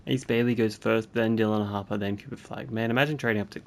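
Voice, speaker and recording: A young man giving casual commentary while playing a basketball video game, chatting along and reacting aloud with sudden excited jumps. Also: lowish voice, fast, vocal fry. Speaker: gaming YouTuber.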